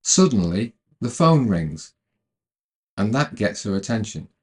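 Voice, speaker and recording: A man narrating a retelling of a film's plot in a calm, measured way, then adding his own commentary. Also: lowish voice, breathy edge. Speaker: storyteller retelling a film.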